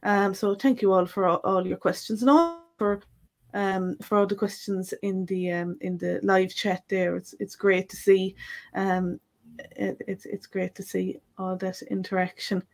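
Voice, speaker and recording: A woman's voice: mid-range voice, fairly even intonation, unhurried, gravelly. A woman with an Irish accent, co-hosting a live language Q&A in a chatty, easygoing way with frequent fillers. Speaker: Irish language teacher, co-host. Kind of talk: casual live-stream chat.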